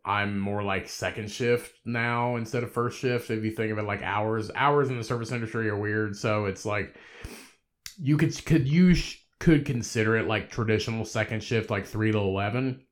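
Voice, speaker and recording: A man in his thirties talking alone on his podcast with a somewhat low voice. He rambles in a laid-back, conversational way, swears nearly every sentence and breaks into laughs. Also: steady tone, moderate pace, hardly any pauses, fairly bright tone. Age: 30s. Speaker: podcast host. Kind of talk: solo podcast monologue.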